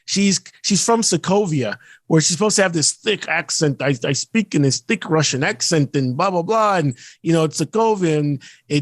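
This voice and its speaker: A man's voice: on the high side, no echo. A man co-hosting a podcast, ranting in casual chat and slipping into mocking put-on quotes. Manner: ranting, animated, mocks actors in quick put-on quotes. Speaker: podcast co-host.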